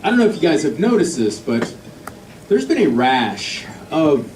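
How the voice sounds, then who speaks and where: This stand-up routine finds a middle-aged man on a comedy club stage, recounting a family tale and impersonating the people in it as the crowd laughs. His fairly high, sing-song voice moves at a moderate pace, picked up from a distance in a very noisy, roomy live club recording.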